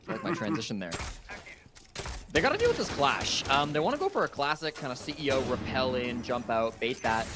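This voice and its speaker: A man's voice: mid-range voice, sing-song, moderate pace, background noise. A man giving esports color commentary, breaking down plays in a conversational, analytical way.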